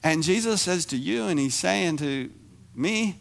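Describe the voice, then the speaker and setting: A middle-aged man preaching a sermon as pastor, animated and self-deprecating, moving from quiet confession to near shouting. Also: high-pitched, unhurried, vocal fry.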